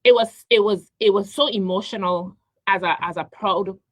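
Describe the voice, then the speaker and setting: A woman's voice: mid-range voice, dry recording, low-quality recording. Heartfelt woman radio host, dry sound. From U.S. Virgin Islands (St. Croix). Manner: halting, repeats words, many ums, heartfelt. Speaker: radio talk show host. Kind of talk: emotional personal monologue. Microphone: studio microphone.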